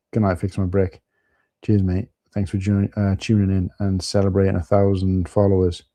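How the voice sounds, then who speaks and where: A man's voice: low voice, warm tone, no room sound. A man with a Welsh accent hosting a casual live stream, chatting loosely and greeting viewers by name. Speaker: livestream host. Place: at home.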